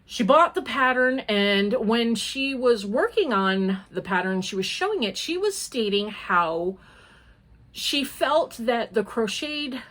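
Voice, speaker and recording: A woman's voice: on the high side, a bit bright. An older woman, a grandmother, hosting a casual crochet vlog, chatty and rambling with frequent laughs. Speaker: crochet vlogger. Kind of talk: casual chat.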